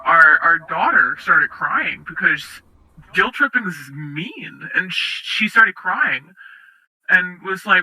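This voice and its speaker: A young woman being interviewed, recounting personal experiences in a halting, hesitant way with many restarts. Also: on the low side, lively intonation, bright, forceful tone, low-quality recording. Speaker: interview guest.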